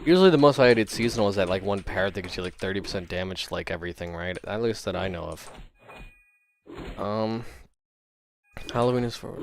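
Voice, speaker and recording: Low-voiced man joking through a livestream. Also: vocal fry, a little hiss or hum. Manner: joking, teasing banter with chat; rambling, thinking aloud while playing. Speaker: gaming livestreamer. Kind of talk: casual gameplay livestream chat.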